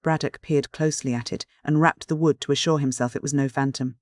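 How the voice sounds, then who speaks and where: An audiobook narrator giving a steady, even scripted narration of a classic mystery novel. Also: medium pitch, brisk, hardly any pauses, no echo, clean studio sound.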